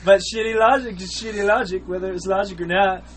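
A man co-hosting a podcast, joking and quick-witted in casual chat while reacting to a video. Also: high-pitched, steady tone. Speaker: podcast co-host.

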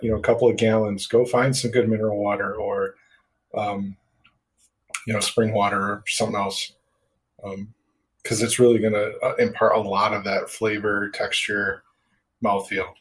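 A man's voice: fairly low pitch, steady tone, normal speed, long pauses, poor audio. A man chatting casually on a podcast about home brewing, rambling with lots of fillers and casual swearing. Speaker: podcast co-host.

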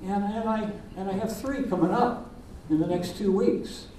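An older man, a minister, giving a sermon in a gentle, reflective storytelling manner with pauses. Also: sits high, a little hiss or hum. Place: church sanctuary. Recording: distant voice in an echoey sanctuary.

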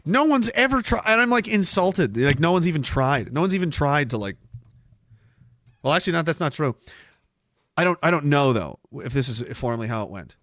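Man, podcast host, high voice, sarcastic, profane, loud laughs. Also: lively intonation, fairly quick, no echo, clean studio sound. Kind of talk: casual livestream rant.

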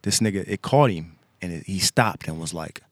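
A man's voice: sits low, moderate pace, dry recording, clean studio sound. A man telling a story casually on a podcast, emphatic and repetitive.

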